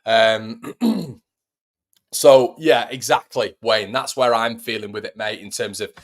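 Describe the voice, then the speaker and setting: A man's voice: on the low side, slow pace. A young man, casually hosting a live stream from home, chatting and answering viewer messages. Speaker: host of a fan channel.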